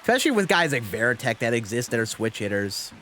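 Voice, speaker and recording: A man's voice: mid-range voice, big pitch swings, quick pace, bright, forceful tone, a little hiss or hum. A young man chatting casually on a live game stream, rambling with lots of fillers as he answers chat.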